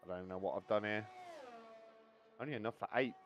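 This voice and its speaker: A man's voice: lowish voice, a little fast, dull audio, soft background music. A man streaming a co-op racing game, chatting casually, joking and swearing freely as he tells stories between laps. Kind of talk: casual gaming banter.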